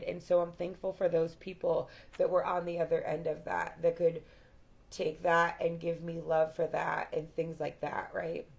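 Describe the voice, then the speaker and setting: A woman with a raspy voice giving an earnest, affirming spiritual talk to her viewers, repeating her points. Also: fairly low pitch, darkish tone. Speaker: spiritual live-stream host.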